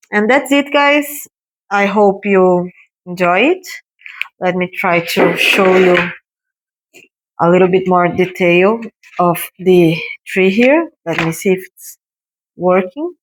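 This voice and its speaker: Slow-talking woman. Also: fairly low pitch, low-quality recording. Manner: gentle, encouraging, chatty, thinking aloud while painting. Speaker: watercolor artist hosting a painting video. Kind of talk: casual painting tutorial.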